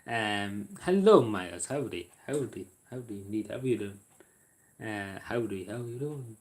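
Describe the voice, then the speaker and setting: A man's voice: lowish voice, lively intonation, normal speed. Rambling man streaming live. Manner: rambling, hesitant, many fillers and restarts. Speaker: livestream host. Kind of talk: casual livestream chat with viewers. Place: at home in a squeaky chair.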